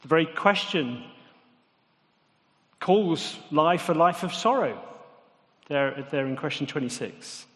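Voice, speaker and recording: A man delivers a sermon in a church hall, speaking conversationally and turning to the congregation with questions. His voice sits a little higher than most men's. A long reverb from the hall trails behind each phrase. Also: lively intonation, takes it slowly, pauses often, a bit bright. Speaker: preacher.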